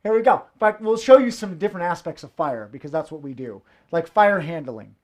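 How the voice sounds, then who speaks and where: A man's voice: fairly high pitch, lively intonation, a little fast. Playful joking showman at home. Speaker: fire performer and host. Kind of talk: live-streamed show banter. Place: home room indoors.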